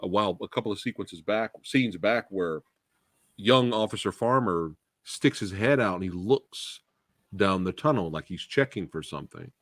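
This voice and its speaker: Low-voiced, animated man reviewing a film. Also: normal speed, no echo, studio quality. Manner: excitable, laughing, swears casually. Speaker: podcast host and film reviewer. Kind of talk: casual film review chat.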